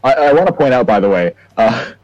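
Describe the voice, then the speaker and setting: A man's voice: medium pitch, big pitch swings, brisk, a little mellow, no echo, muffled recording. Guy playing a tabletop game on a call, casual rambling, dry close sound. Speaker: player. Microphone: online call.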